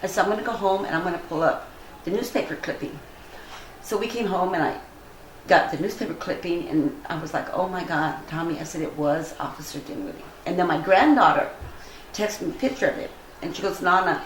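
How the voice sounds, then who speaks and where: Older lady telling a story, fairly low voice, acts out what people said, roomy echo and faint hiss. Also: brisk. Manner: earnest, animated storytelling, acts out quoted dialogue. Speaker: interviewee. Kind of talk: recounting a personal story.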